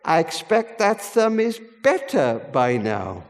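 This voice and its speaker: A man voicing a kindly elderly woman who works as a telephone operator, speaking gently and tenderly. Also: fairly high pitch, huge pitch swings, slow pace, full character voice. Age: older. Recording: long reverb of a large hall.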